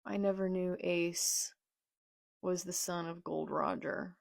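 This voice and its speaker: A woman reading out a betrayed male pirate captain's accusations in a quiet, subdued tone. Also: fairly low pitch, fairly even intonation, slow, gravelly, dry recording, exaggerated voice. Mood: bitter. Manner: accusing, subdued read-aloud.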